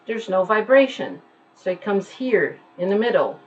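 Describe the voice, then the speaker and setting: A woman's voice: mid-range voice, sing-song, normal speed, muffled recording. A woman teaching English pronunciation online from home, patiently repeating each word to demonstrate its sound.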